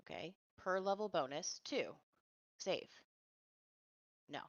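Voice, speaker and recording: A woman's voice: fairly low pitch, sing-song, slow pace, no echo. A woman player in a tabletop game chatting casually, easily flustered and laughing a lot, recorded on a dull lo-fi mic.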